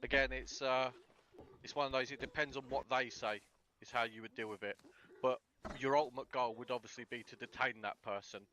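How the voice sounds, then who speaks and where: A man's voice: medium pitch, fairly even intonation, fairly quick, pushed and bright, a little hiss or hum. A man leading a casual tactical briefing, blunt and sweary, acting out example dialogue. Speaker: instructor.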